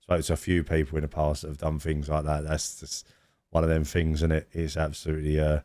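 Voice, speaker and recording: A middle-aged man co-hosting a podcast, telling an anecdote in a casual, animated way with frequent laughs and restarts. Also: extremely low pitch, fast talker, dry recording, clean studio sound. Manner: animated storyteller, laughs often, many restarts. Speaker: podcast co-host. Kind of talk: casual storytelling chat.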